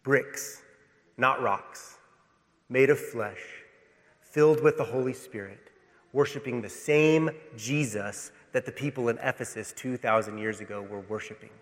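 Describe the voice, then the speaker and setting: A male pastor preaching a sermon with passion, swinging between loud emphatic lines and hushed ones. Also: medium pitch, a little slow, in a large hall. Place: church sanctuary.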